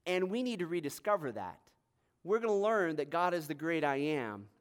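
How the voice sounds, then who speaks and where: Male pastor, tenor voice, fairly high pitch, conversational sermon, light self-deprecating humor.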